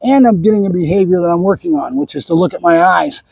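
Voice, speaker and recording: A man explains dog training as he works, his voice sitting high for a man and sounding dry and close. He chats steadily and keeps dropping in short repeated marker words between explanations. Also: fast, gravelly, a little mellow, slightly rough, dry recording. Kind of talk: instructional training narration.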